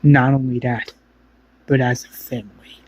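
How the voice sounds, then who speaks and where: A man's voice: medium pitch, level tone, moderate pace, darkish tone, slightly rough. A man casually retelling a fan-made survival story, with loose, rambling narration.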